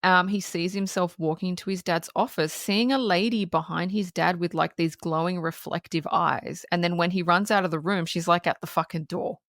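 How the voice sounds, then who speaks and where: A woman co-hosting a podcast, recapping a horror film in casual, profane, animated chat and acting out the characters' lines. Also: fairly low pitch, moderate pace, few pauses, dry recording, studio quality. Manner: profane, animated plot recapping with acted-out quotes. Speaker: podcast co-host.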